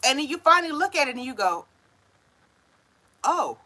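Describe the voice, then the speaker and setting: A woman's voice: high voice, sing-song, racing, sharp tone, low-quality recording. A woman giving a casual tarot reading, talking in a chatty, slangy way full of "right?" tag questions and frequent laughs. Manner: laughs often while telling stories. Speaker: tarot reader.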